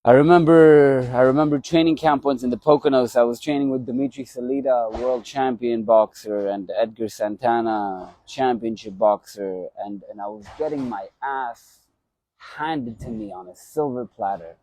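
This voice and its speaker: Mellow-voiced man rambling on a live stream. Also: mid-range voice, fairly even intonation, moderate pace, no echo. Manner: rambling, repeats his phrases. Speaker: former boxer hosting a live stream. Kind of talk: casual live-stream reminiscence.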